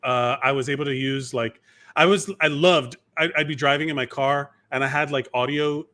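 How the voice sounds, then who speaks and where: Bright-voiced rambling man. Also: mid-range voice, steady tone, moderate pace. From Miami, USA. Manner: rambling, lots of fillers and restarts. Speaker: podcast co-host. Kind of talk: casual chat.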